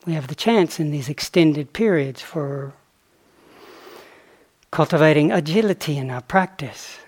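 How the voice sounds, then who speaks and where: A man giving a dharma talk on retreat as a meditation teacher, reflective and unhurried, with playful asides. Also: a little high, lively intonation, breathy edge.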